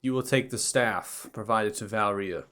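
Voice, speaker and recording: A man voicing a proud male city lord who speaks in a formal, measured and commanding way. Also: on the low side, a bit bright, close to an everyday voice. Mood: stern.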